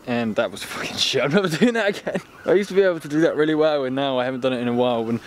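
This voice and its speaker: A man's voice: mid-range voice, expressive, very fast, hardly any pauses, a little hiss or hum. An English man casually reviewing a camera lens in a rambling, jokey, sweary vlog chat.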